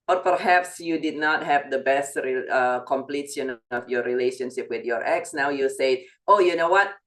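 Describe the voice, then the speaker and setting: Slow, thoughtful woman guest. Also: sits low. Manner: measured, thoughtful, repeats words while thinking. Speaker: guest relationship expert. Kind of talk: casual advice chat.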